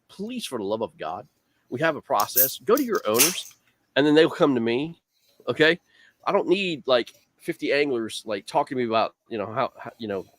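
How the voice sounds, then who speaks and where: A man hosting a casual talk stream, animated and saying "man" a lot. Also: mid-range voice, no echo. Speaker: host, league organizer. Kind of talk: casual chat.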